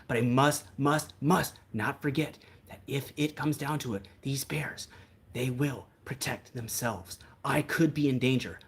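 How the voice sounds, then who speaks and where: A man doing an impression of a dramatic male wildlife filmmaker alone among bears, speaking solemnly and breathlessly and sinking into hushed whispers. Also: mid-range voice, husky, voice pushed up, natural voice.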